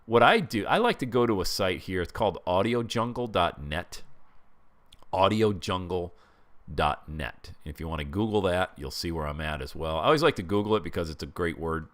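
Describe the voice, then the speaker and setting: A middle-aged man teaching a screen-share webinar, chatty and walking listeners through each step with frequent check-ins. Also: low voice. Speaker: webinar instructor.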